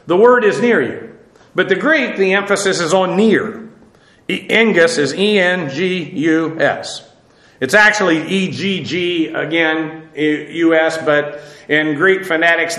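Male Bible teacher, conversational and digressive, bright tone, reverberant room. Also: a little high. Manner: conversational and digressive, with many fillers and restarts. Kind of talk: verse-by-verse Bible teaching with Greek word study.

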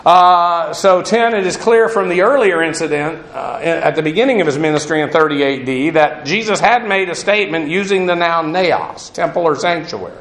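A man teaches the Bible verse by verse, talking discursively with many restarts and side remarks. His voice is fairly high and fairly bright, moderately paced with hardly any pauses, in a room with noticeable echo.

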